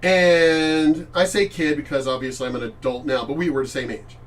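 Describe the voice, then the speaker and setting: In his clip-reaction commentary, a middle-aged host speaks at a normal speed with fairly even intonation and a high voice. He's casual, blunt and full of swearing, rambles and restarts his sentences, and sits at some distance from the microphone.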